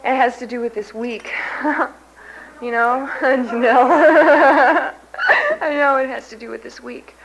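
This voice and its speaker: A woman's voice: sits high, expressive, takes it slowly, a bit bright, a little hiss or hum. A woman from Kansas giving a candid, self-mocking personal recovery testimony from a podium in a large convention hall. She laughs often at herself. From Kansas, USA. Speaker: main speaker at a recovery convention.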